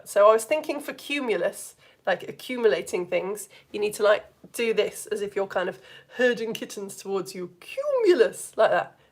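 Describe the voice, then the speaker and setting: A woman from Yorkshire, England, teaches a live science lesson for all ages in a medium-pitched voice with a Yorkshire accent. Lively and playful, she slips into silly voices for the actions.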